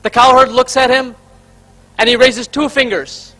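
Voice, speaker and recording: A man's voice: extremely high pitch, fairly even intonation, moderate pace, pushed and bright. A man from Karnataka giving a convention speech, telling a story and then laying out numbered points to the audience he calls friends. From Karnataka, India. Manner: rhetorical, addresses the audience as friends, counts off points. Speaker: speaker at a convention. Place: convention hall stage.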